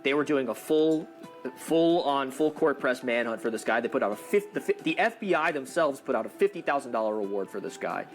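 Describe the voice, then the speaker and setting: A man hosting a political podcast, talking in quick rambling bursts. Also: mid-range voice, expressive, faint music behind. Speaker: podcast host.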